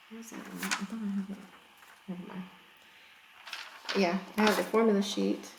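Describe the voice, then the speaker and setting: A woman teacher working through a math problem in a recorded lesson, chatty and explaining step by step with frequent checks for understanding. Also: mid-range voice. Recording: echoey room.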